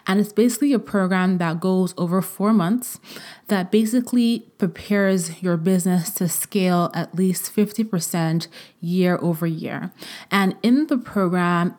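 A woman's voice: lowish voice, mellow. A woman in her thirties hosting a solo podcast, talking effusively and emotionally, with frequent fillers and repeated words. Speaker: podcast host.

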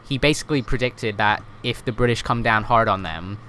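A man's voice: on the low side, fairly quick, pushed and bright, slight background noise. A man explaining history in a casual podcast chat, with lots of fillers, self-corrections and "right?" tag questions.

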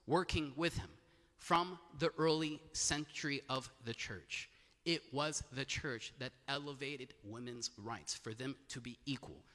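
A man's voice: fairly high pitch, pushed and bright. Emphatic preacher man in a reverberant hall. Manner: emphatic, repeats phrases for stress. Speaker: preacher teaching scripture. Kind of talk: bible study sermon.

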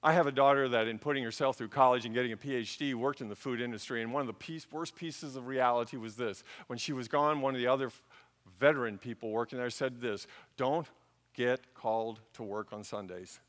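A middle-aged man preaching a sermon, telling stories and swinging between hushed asides and loud emphasis. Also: medium pitch, fast, in a large hall. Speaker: pastor.

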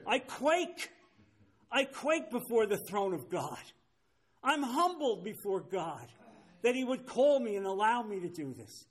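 Seventies male pastor, high-pitched, emphatic sermon delivery, keeps checking listeners follow. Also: big pitch swings, unhurried. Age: 70s. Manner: emphatic, keeps asking "you understand?". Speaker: pastor leading a Bible study. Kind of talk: sermon-style Bible teaching.

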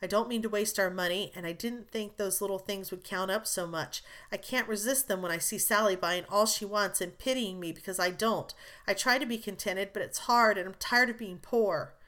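A woman's voice: mid-range voice, moderate pace, fairly bright tone, natural voice. Woman reading as an anxious young wife. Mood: pleading. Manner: pleading, emotional.

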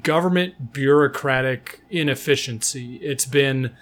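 A man in his thirties co-hosting a podcast, talking in a thoughtful, measured way and chiming in with agreement. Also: medium pitch, a bit bright. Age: 30s. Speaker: podcast co-host. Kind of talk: casual discussion.

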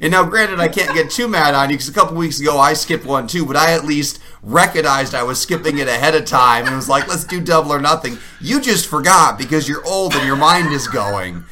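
A man's voice: fairly high pitch, lively intonation, brisk, few pauses, crowd noise. A man co-hosting a podcast who trades dry, sarcastic jabs with his partner. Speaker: podcast co-host. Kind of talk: casual bantering podcast chat.

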